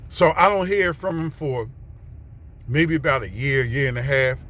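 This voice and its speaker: A man's voice: mid-range voice, animated, normal speed, a bit bright. A man telling a profane, slangy street story in a casual way, acting out what other people said.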